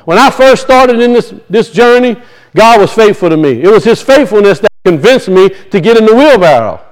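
A man's voice: high voice, lively intonation, normal speed, poor audio. A man preaching a sermon, emphatic and repetitive, his voice rising and falling as he drives points home.

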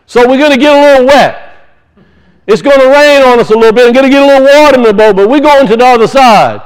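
A pastor with a noticeably high voice delivers a sermon in a loose, conversational way. He keeps asking his listeners questions, then drifts into homespun stories. He sounds middle-aged. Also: fast talker, smooth, low-quality recording. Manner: conversational preaching with rhetorical questions and folksy stories.

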